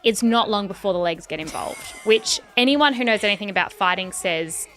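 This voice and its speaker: A woman's voice: medium pitch, brisk, fairly bright tone, faint music behind. A woman co-hosting a podcast in casual chat, chatty and wry, often laughing. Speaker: podcast co-host.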